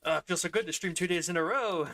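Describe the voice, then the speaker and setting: A man's voice: high-pitched, a little fast, sharp tone. A young man streaming a video game, chatting casually and rambling, often laughing. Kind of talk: casual gameplay commentary.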